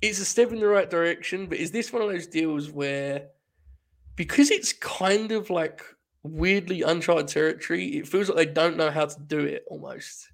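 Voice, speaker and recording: A man with a gravelly, slightly higher voice, hosting a casual podcast chat. He talks animatedly and swears freely. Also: normal speed. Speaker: podcast host.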